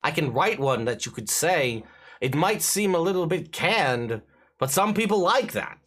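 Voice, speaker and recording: A man voicing a boisterous male shopkeeper in a tabletop game, talking loudly and selling hard. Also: on the high side, very animated, unhurried, voice pushed up, exaggerated voice. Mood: chatty. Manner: loud and boisterous.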